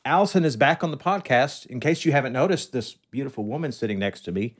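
A man's voice: medium pitch, expressive, fast talker, husky. A man hosting his podcast in casual chat, joking with a dry, sarcastic tone into a studio microphone. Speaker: podcast host.

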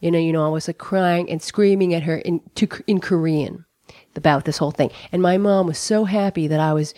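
A woman's voice: fairly low pitch, fairly even intonation, brisk, mellow, no room sound, studio quality. A middle-aged American woman telling a personal story, candid and profane, with lots of "like" and "you know". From United States. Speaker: comedian guest.

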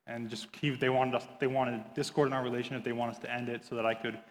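A man's voice: mid-range voice, level tone, quick pace, slight background noise. A young man in his twenties, sharing an earnest personal testimony with candid, hesitant storytelling. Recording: long hall reverb.

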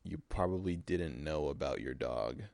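Crude sarcastic man, lively pitch. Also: normal speed, vocal fry, no echo, studio quality. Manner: crude, sarcastic, profane, swings into mock shouting. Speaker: podcast host. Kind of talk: solo comedic podcast rant.

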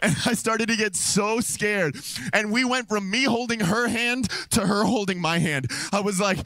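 A man preaching a sermon into a microphone, telling a story with lively swings between low, deadpan lines and excited high exclamations. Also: measured pace. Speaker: pastor. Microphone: handheld or stand microphone.

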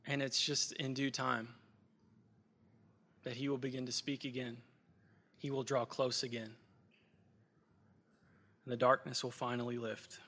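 A male pastor delivers a sermon, earnest and reflective, circling back on phrases to drive them home. His voice is bright and forceful, at an ordinary pitch for a man. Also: level tone, measured pace, long pauses, in a large hall.

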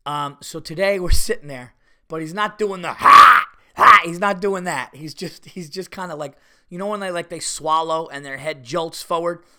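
A middle-aged man hosting a podcast, telling stories in a casual, animated way while fighting off a cold. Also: fairly high pitch, moderate pace, smooth. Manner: animated storytelling, exaggerated retelling. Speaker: podcast host.

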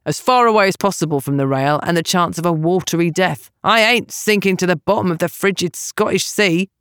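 A woman voicing a gruff, sardonic young man who grumbles bluntly and uses rough slang. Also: lowish voice, fairly quick, a bit bright, no room sound, studio quality, lightly acted. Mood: stubborn.

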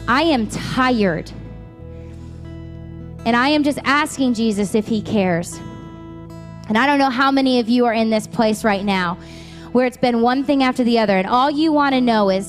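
A woman in her thirties preaching a sermon in a church, talking candidly and conversationally. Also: a little high. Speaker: pastor. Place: church auditorium.

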